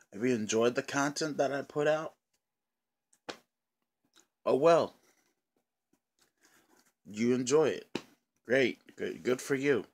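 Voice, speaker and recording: A man ranting on his own video channel in an angry, profane, repetitive way, often clearing his throat. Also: medium pitch, expressive, takes it slowly, long pauses. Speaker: channel owner. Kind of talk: angry vlog rant.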